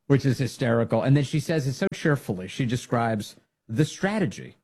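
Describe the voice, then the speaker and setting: A man's voice: fairly high pitch, sing-song, normal speed. A man hosting a political talk show, giving opinionated commentary that builds to emphatic, fired-up exhortation.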